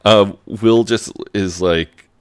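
A man's voice: fairly low pitch, slow pace, clean tone. An American man co-hosting a podcast, casually retelling a TV episode with fillers and easy laughter. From United States. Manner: relaxed storytelling with fillers, laughs easily. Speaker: podcast co-host. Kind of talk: casual chat recapping a show.

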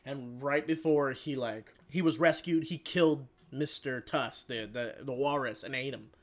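A man casually retelling a film plot in a rambling, profane way, briefly voicing the characters as he goes. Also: mid-range voice. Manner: rambling, profane, quick quoted voices for characters.

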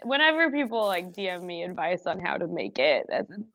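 A woman's voice: lowish voice, very animated, fairly quick, a bit bright. A young woman talking as an athlete guest in a casual podcast chat, laughing often and filling her speech with "like". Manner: chatty, laughs often, many "like" fillers. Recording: slightly dull, dry audio.

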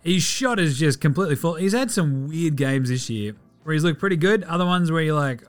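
A man with an Australian accent hosting a casual basketball recap podcast, sweary and excitable, mocking players in silly voices. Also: on the high side, brisk, hardly any pauses, faint music behind. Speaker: podcast host.

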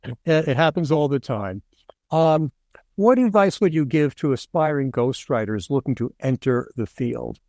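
Male podcast host, keen and upbeat questioner, mid-pitched, dry close mic. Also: expressive, moderate pace, darkish tone, no echo. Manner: enthusiastic, eager questioner. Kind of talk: casual interview.

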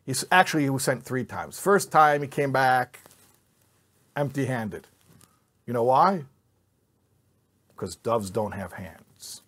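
A man's voice: mid-range voice, animated, slow pace, pauses often, a bit bright. A man teaching an informal Bible class to a live group, joking and quizzing his listeners. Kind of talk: informal Torah class with audience.

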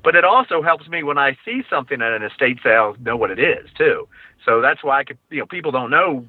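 A man's voice: medium pitch, animated, fast, dry recording. A male guest on a casual podcast, talking eagerly and at length about collecting grills and books, with many restarts. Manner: enthusiastic, rambling with restarts. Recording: dry, phone-like line.

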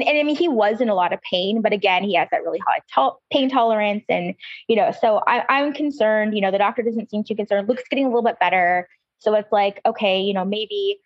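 Woman, mother telling her story, halting with fillers, muffled dry recording. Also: mid-range voice, no echo. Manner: halting, many fillers and restarts. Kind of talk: personal account, casual storytelling.

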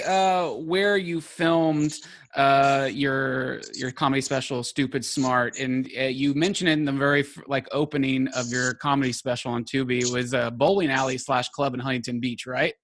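A man's voice: mid-range voice, fairly even intonation, moderate pace, fairly bright tone. A man hosting an interview, asking friendly questions and piling on follow-ups. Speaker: interview host. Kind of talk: casual interview.

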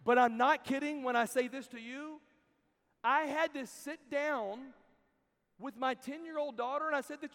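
A man preaching to students at a youth camp, telling stories and swinging from hushed to loud and emphatic. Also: very high-pitched, normal speed. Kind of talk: sermon. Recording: reverberant hall.

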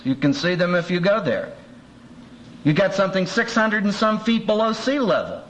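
Animated man lecturing on old cassette. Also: sits high. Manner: humorous, animated, acts out voices. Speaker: seminary professor teaching. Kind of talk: lively lecture with acted quotes. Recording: dull old cassette tape with faint hiss.

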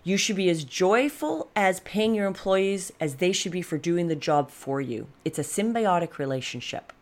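Fifties woman, low register, candid reflective vlog coach, direct and emphatic. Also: animated, normal speed, darkish tone. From Canada. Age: 50s. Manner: frank, emphatic, reflective, addresses viewers directly. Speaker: life coach and vlogger. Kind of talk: candid personal monologue to camera.

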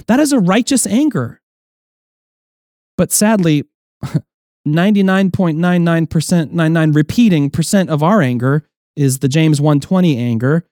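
A man's voice: a little high, darkish tone, dry recording, studio quality. A man preaching a sermon as pastor, explaining earnestly, with restarts, and acting out quoted voices.

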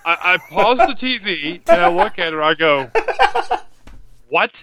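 A man who is a podcast guest and tells an anecdote in a lively, casual way. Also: sits high, normal speed, poor audio. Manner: animated anecdote telling. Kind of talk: casual storytelling chat. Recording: crowd chatter behind.

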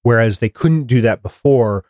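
A male podcast host in casual chat, reading listener tweets and polls out loud. He gets animated as he reacts. His mid-pitched voice is recorded close and dry. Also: moderate pace, no room sound.

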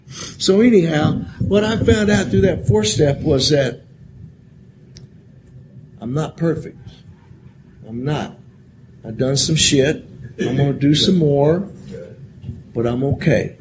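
A man's voice: on the high side, takes it slowly, long pauses. A man speaking at a convention and sharing his recovery story candidly. He rambles, repeats himself, swears often and keeps saying "man.". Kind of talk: candid recovery share, profane and emotional. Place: convention hall. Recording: live talk with loud room noise.

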